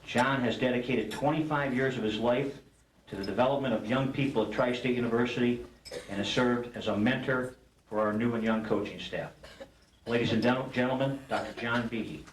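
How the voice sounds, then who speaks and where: A man of middle pitch reads a formal award introduction from his notes and stumbles over it now and then. He is heard from far off in an echoey banquet hall. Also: moderate pace, slight background noise. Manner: formal, stumbles while reading. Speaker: presenter at award ceremony. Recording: roomy hall recording from a distance.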